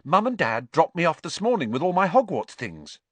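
A man's voice: on the high side, big pitch swings, normal speed, a bit bright, breathy edge, no echo, voice pushed up, full character voice. A man doing an earnest clever teenage girl. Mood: pleased.

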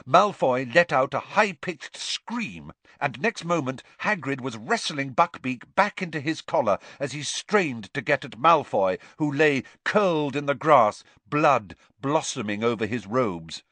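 A man giving expressive, scripted storybook narration at a close mic. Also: mid-range voice, a little slow, few pauses, no echo. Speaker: audiobook narrator.

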